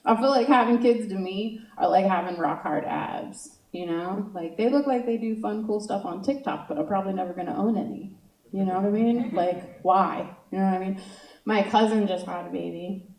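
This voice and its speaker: A woman's voice: medium pitch, moderate pace, darkish tone. A woman doing a stand-up comedy set, chatty and self-mocking, full of "you know" asides. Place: comedy stage in a room. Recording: roomy sound from far off.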